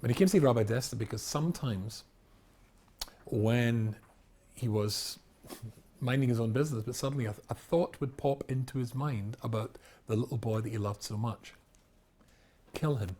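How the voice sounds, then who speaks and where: A man from Scotland, a rabbi giving a storytelling lecture, animated, with loud exclamations and quiet asides. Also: medium pitch, normal speed, slightly rough.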